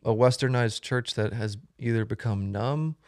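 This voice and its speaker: A man's voice: medium pitch, normal speed, darkish tone, dry recording, studio quality. A young man, a guest on a podcast, talking casually and rambling with many ums and restarts. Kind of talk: casual conversation.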